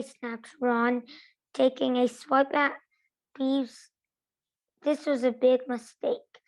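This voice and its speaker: A woman with a high voice reading a novel aloud at a slow pace. Her delivery is careful and steady, correcting small slips as she goes. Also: poor audio. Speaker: reader.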